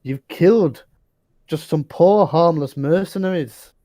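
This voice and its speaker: A man's voice: on the high side, a little slow, dark tone, natural voice. A man voicing a scolding male townmaster in a tabletop game. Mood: stern. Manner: scolding, demanding answers. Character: stern male townmaster, woken at night.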